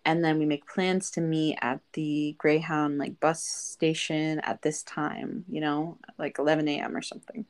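Young woman, podcast host, casual chat, slightly low pitch, lots of fillers. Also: level tone, moderate pace, few pauses. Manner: chatty storyteller, lots of "like" and laughs.

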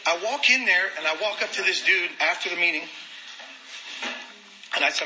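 A man candidly telling his own recovery story, animated and self-deprecating. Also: high voice, normal speed, background noise. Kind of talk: personal testimony talk.

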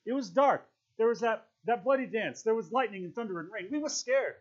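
A man doing a shrill, stubborn schoolboy. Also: wildly swooping pitch, fast talker, fairly bright tone, heavily acted. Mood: shrill insistence. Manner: shrill, pleading, insistent. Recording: dull lo-fi recording.

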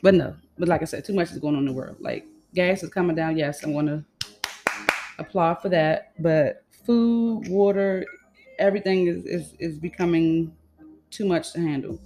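Exasperated woman venting, low voice. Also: moderate pace, dark tone, slight background noise. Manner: frank, exasperated, swears freely, loose run-on storytelling. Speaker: podcast host. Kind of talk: solo venting monologue.

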